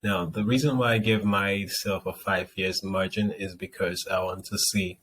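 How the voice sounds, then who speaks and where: Nigerian man, animated storyteller. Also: low-pitched, moderate pace, rough recording. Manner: animated storyteller, acts out quoted voices. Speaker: guest. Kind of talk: casual interview chat.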